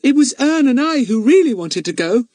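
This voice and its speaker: A man's voice: very animated, moderate pace, darkish tone, no room sound. Man putting on a timid little girl's pleading voice. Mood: eager. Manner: high, choked pleading voice. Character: small girl, timid and pleading.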